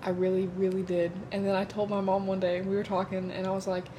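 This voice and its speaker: A woman's voice: medium pitch, completely flat delivery, fast talker, noisy background. A young woman co-hosting a podcast in casual chat, telling stories dramatically with bursts of laughter and casual swearing. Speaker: podcast co-host.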